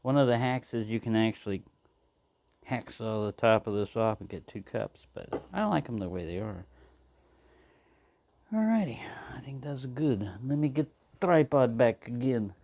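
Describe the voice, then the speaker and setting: Gravelly man chatting while he cooks. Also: medium pitch, animated, moderate pace, darkish tone. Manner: rambling, talks to himself and answers in silly voices. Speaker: outdoor cooking vlogger. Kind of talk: casual talk to camera while cooking.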